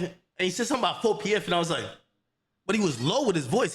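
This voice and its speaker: A man hosting a livestream, telling a heated story in an animated, profane, repetitive way. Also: high voice, very fast. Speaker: livestream host.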